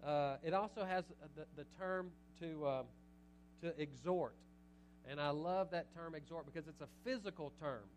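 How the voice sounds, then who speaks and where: A middle-aged pastor preaching a sermon, animated, moving between loud urging and quiet asides. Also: male voice, on the high side, normal speed, slight background noise, poor audio.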